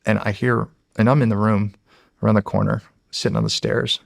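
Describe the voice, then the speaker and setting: Gravelly guy in his 40s from the us, chatty storyteller, does all the voices, swears a lot, dry close sound. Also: on the low side, a little fast, no room sound. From United States. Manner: animated storyteller who acts out quotes and swears freely. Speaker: podcast guest. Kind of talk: casual storytelling.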